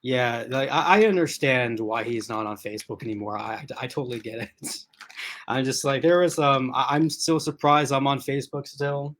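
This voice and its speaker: A man's voice: medium pitch, normal speed, fairly bright tone. A man hosting a casual livestream unboxing from his laptop, rambling and chatty with lots of fillers, restarts and laughs. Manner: laughs often. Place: at home in front of a laptop.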